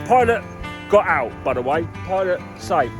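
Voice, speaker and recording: Bloke detecting in a field, high bouncy voice, jokey and chatty. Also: male voice, sing-song, a little slow, music in the background. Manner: chatty, playful, teasing finds and mock-insulting them. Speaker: metal detecting vlogger. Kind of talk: casual talk to camera while detecting. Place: outdoors in a field.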